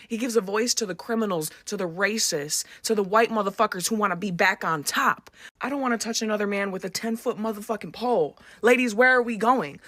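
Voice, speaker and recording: A woman's voice: mid-range voice, a bit bright, no echo. A woman ranting furiously to camera and swearing heavily. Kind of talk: emotional rant to camera.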